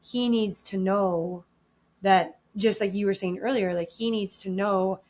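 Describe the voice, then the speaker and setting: A woman's voice: mid-range voice, fairly even intonation, measured pace, a little mellow. A woman in her thirties co-hosting a casual talk, speaking reflectively and acting out quoted lines of dialogue. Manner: reflective, acts out quoted dialogue with shifting voices. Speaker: podcast co-host. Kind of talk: casual conversational chat.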